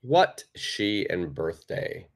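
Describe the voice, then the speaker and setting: A man's voice: deep voice, big pitch swings, extremely slow, slight background noise. A man teaching a live online English lesson, patiently repeating and praising viewers' answers.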